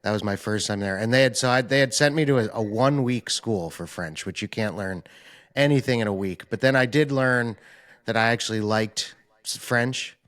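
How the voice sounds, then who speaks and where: A man's voice: on the low side, moderate pace. A young adult American man hosting a podcast, chatting informally and using a lot of "like" and "um". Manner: relaxed and informal, with frequent fillers like "like" and "um". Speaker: podcast host. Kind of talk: casual interview chat.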